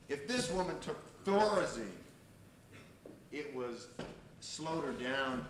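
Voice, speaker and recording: On an old reel-to-reel tape with faint hiss, a man gives a university lecture in an echoey lecture hall. His mid-range voice is animated and storytelling, and he gets loud when he acts out exchanges.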